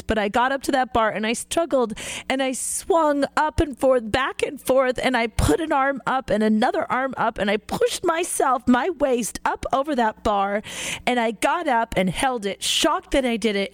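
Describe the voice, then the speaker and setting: A woman's voice: a little high, normal speed, no echo. A woman hosting a faith-based radio show, talking earnestly and encouragingly, with frequent laughs.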